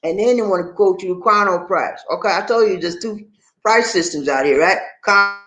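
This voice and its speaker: A man living abroad talking casually to his viewers, animated, acting out shop conversations and repeating phrases for emphasis. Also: high-pitched, fairly quick, roomy sound. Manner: animated, acts out shop dialogues. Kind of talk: casual live-stream talk to viewers. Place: indoors, in the Philippines.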